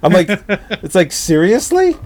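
Man, middle-aged, ranting storyteller with a swinging pitch, exasperated and swearing. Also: normal speed, no room sound. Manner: animated, exasperated, swears often, laughs at own story. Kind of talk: casual chat, storytelling rant.

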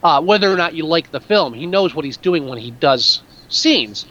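A man co-hosting a podcast, chatting casually about a film in an animated, rambling way with many restarts. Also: fairly high pitch, normal speed, highs cut off. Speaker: podcast co-host.

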